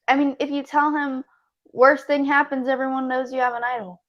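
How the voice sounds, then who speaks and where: A young woman co-hosting a podcast, her voice a little on the high side. She talks things through casually, often hedging her views with "I think.". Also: little pitch movement, brisk, fairly bright tone, highs cut off. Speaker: podcast co-host. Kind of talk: casual chat.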